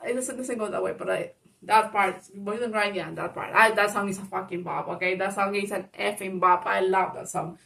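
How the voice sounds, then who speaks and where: A woman's voice: mid-range voice, steady tone, fairly quick, vocal fry, a bit bright, distant mic. A woman giving casual spoken advice to viewers, frank and chatty, laughing often, swearing and calling the listener baby. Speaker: advice vlogger.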